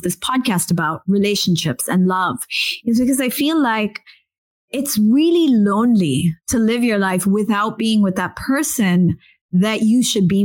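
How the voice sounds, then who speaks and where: A woman hosting a podcast about love, talking in an effusive way and often repeating herself. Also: mid-range voice. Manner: warm, effusive, repeats phrases. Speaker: podcast host. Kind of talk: casual podcast interview.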